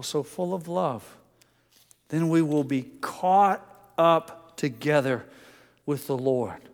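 Older male pastor in a reverberant hall. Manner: gentle storytelling, drops soft and low for quotes. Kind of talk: sermon with personal stories.

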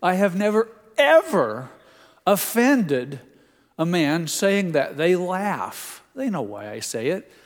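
A man's voice: sits high, sing-song, slow. An older man, a pastor, preaching a sermon in a homespun, teasing way, telling family stories to a congregation. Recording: long hall reverb.

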